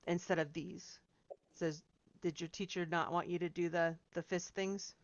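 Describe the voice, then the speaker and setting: A woman's voice: lowish voice, flat delivery, moderate pace, no room sound, lo-fi sound. A woman piano teacher giving chatty, encouraging feedback to students in a seminar, singing out rhythms as she explains.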